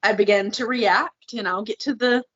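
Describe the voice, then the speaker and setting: Bright, lively woman cohost telling stories. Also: on the high side, normal speed, slightly rough, dry recording, muffled recording. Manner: lively storyteller, acts out quoted lines. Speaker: podcast cohost. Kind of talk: casual podcast chat.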